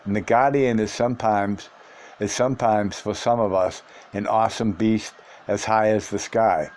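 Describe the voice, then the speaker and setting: A man voicing an old Mexican sorcerer who speaks steadily and matter-of-factly, calm and teasing. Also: fairly low pitch, moderate pace, close to an everyday voice. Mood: serious.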